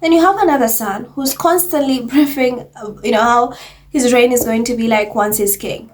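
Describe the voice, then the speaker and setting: A woman's voice: a little high, moderate pace. A woman giving casual, chatty commentary on royal gossip, laughing often as she talks. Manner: chatty, laughs often, mocking quoted voices.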